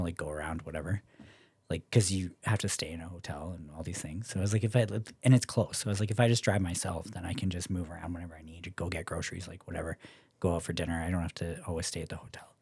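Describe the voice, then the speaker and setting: A man's voice: sits low, darkish tone, husky, no echo. A young Canadian man, a podcast guest, telling a story in casual chat, acting out quoted voices and swearing freely.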